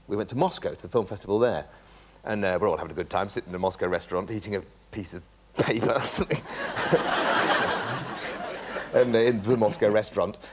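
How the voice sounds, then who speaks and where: A middle-aged man, a guest on a talk show, telling comic anecdotes with exuberant, animated energy. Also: fairly low pitch. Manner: exuberant, animated storyteller with bursts of excitement.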